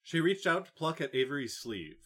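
A man narrating a novel audiobook in a calm, even reading. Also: a little high, normal speed, husky. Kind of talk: scripted narration.

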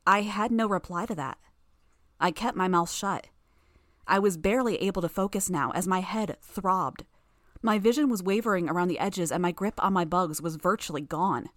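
A woman's voice: lowish voice, normal speed, fairly bright tone, dry recording, clean studio sound. Woman reading first-person fiction. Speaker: audiobook narrator.

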